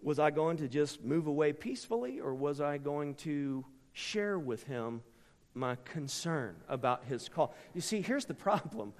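A middle-aged man preaching a storytelling sermon, with a dramatic delivery that swings from hushed asides to sudden shouts. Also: on the high side, expressive, unhurried. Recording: long reverb from a large hall.

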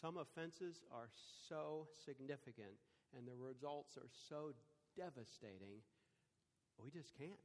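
A man's voice: mid-range voice, lively intonation, measured pace, long reverb tail. An older man preaching a sermon, telling stories and acting out quoted dialogue in a conversational way. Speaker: pastor.

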